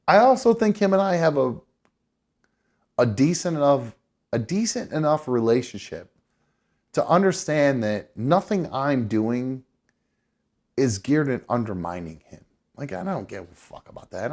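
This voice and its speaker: A man's voice: medium pitch, a little mellow. A man hosting a live call-in show, talking casually with lots of swearing and restarts. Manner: profane, rambling, with restarts.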